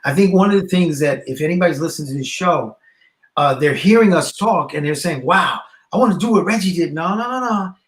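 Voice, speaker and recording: A man telling a story as a guest educator, acting out the people in it with loud bursts. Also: on the high side, animated, a little fast, echoey room. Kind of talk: storytelling in a podcast conversation.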